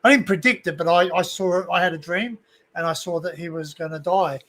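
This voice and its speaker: A man's voice: high-pitched, a little fast, fairly bright tone. An Australian man hosting a livestream, telling a personal story candidly and emotionally, swearing freely. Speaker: livestream host. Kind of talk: casual chat.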